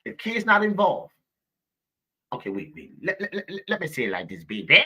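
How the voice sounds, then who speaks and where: A man's voice: fairly high pitch, wildly swooping pitch, normal speed, sharp tone, slightly rough. A man hosting a live stream, talking to viewers in a preachy, repetitive way and calling them baby, with speech. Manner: preachy, repeats himself, calls viewers baby. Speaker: live show host.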